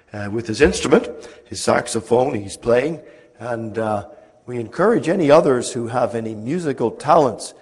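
A man with a raspy, hoarse voice from a cold, leading a church service, speaking slowly with many fillers and reading scripture in a declaiming tone. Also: medium pitch, darkish tone. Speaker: pastor. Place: church sanctuary. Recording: long church reverb.

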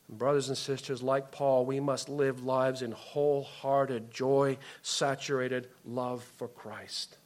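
A man preaching a sermon as a pastor, impassioned, swinging from loud emphasis to soft, hushed lines. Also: mid-range voice.

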